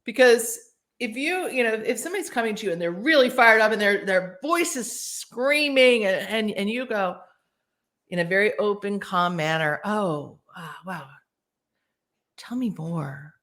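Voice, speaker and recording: A woman speaks as a guest on an interview podcast, her voice swooping up and down in a lively way. She explains her points with animation and slips into acted-out example phrases. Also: medium pitch, moderate pace. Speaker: podcast guest, workplace author. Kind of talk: casual interview advice.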